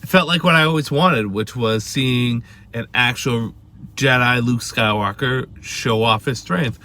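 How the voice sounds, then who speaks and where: A man with a wife and family talking casually about a show he loves, swearing and tripping over restarts as he gets excited. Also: mid-range voice, unhurried. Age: adult with a wife and family. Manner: swearing, emphatic, stammering restarts. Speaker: vlogger. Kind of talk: casual excited fan rant.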